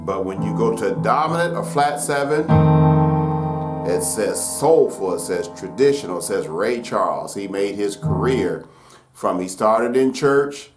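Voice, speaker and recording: A man's voice: lowish voice, a little slow. Folksy man teaching piano, roomy echo. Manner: relaxed, folksy explaining with frequent fillers. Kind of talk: casual piano lesson. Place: room with piano.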